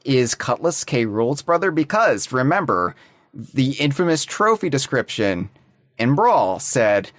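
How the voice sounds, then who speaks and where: Male podcast host; animated, emphatic, dry close mic. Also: mid-range voice, a little slow, no room sound. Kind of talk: casual fan discussion.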